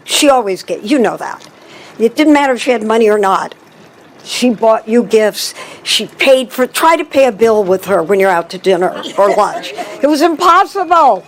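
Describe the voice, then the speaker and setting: Slow-speaking wry woman giving a eulogy. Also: fairly high pitch, a little hiss or hum, low-quality recording. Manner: frank, wry, laughing. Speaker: memorial speaker. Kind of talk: personal eulogy. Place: memorial gathering.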